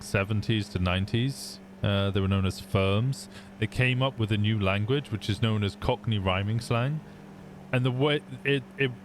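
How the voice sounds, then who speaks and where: A man's voice: medium pitch, a little hiss or hum. A young British man streaming a roleplay game, chatting casually and explaining at length, swearing freely.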